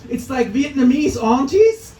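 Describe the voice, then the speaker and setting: A man's voice: very high-pitched, big pitch swings, measured pace, mellow, a little hiss or hum. An Austrian man in his forties doing a self-mocking stand-up set at an open mic, laughing at his own jokes. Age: 40s. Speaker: stand-up comedian. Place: comedy club open mic. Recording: echoey club room, mic heard from a distance.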